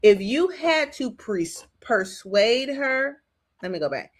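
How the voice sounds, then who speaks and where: A woman's voice: fairly high pitch, very animated, takes it slowly. A woman hosting a casual reality TV commentary, rambling with frequent ums and restarts.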